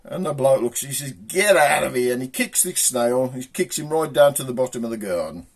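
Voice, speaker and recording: A man with a Black Country accent telling jokes, doing his characters' voices with shouts and raised pitch. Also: expressive, fairly quick. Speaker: joke teller.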